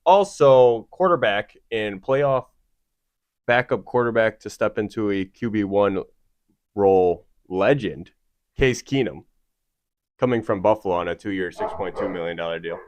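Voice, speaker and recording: A man with a somewhat low voice hosts a loose football podcast with friends. He runs through player signings and chuckles between the figures. The sound is close and dry. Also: unhurried, a little mellow, no room sound. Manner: reads off stats with laughs. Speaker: podcast host. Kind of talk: casual sports chat.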